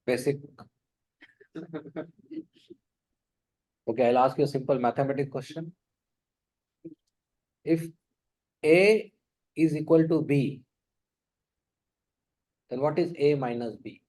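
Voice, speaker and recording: A man giving a spiritual talk, slow and emphatic, often questioning his audience. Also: a little high, warm tone, low-quality recording. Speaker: spiritual lecturer. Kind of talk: sermon.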